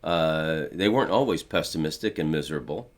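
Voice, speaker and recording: Very deep-voiced man telling stories. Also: lively intonation, fairly quick. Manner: storytelling, putting on voices for quoted people. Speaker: podcast host. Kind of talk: casual chat.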